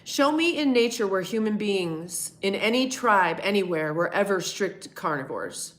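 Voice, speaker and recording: A woman's voice: mid-range voice, animated, measured pace. A middle-aged woman hosting a live stream, answering chat in a candid, rambling way and swearing freely. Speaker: livestream host answering chat.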